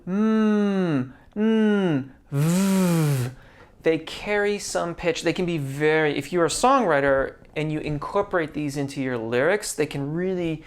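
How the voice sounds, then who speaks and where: A woman giving a singing lesson, calmly explaining technique and breaking into sung demonstrations. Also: low voice. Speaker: singing teacher.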